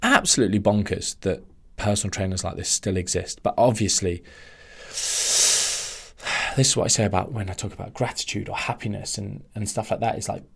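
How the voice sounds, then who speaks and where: A man hosting a solo podcast, ranting in a loose, animated way that keeps swerving into tangents. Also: lowish voice, quick pace, gravelly, breathy edge. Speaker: podcast host. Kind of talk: casual solo podcast monologue.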